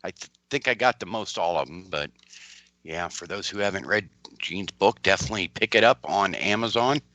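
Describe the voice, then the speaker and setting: Bright-voiced male radio co-host. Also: deep voice, animated, brisk, no room sound. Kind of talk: casual talk radio chat.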